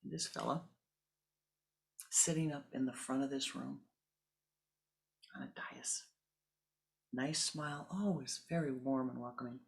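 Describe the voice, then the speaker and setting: Slow deliberate woman telling a story. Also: a bass voice, gravelly. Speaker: spiritual teacher. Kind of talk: storytelling sermon.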